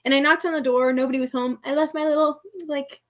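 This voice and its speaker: A woman's voice: high-pitched, steady tone, fast talker. A young woman guest on a podcast, telling a story in casual conversation, chatty and filling her speech with "like". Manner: chatty, heavy use of "like", laughs often.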